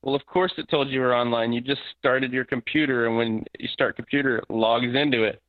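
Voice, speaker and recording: A man co-hosting a podcast grumbles wryly and acts out little exchanges. His voice sits in a middle pitch. It comes through a tinny, phone-like call line with no room sound. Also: fairly even intonation, fairly quick, few pauses, no echo. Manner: wry, complaining, acts out dialogue. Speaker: podcast co-host. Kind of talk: casual live podcast chat. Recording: tinny internet call audio.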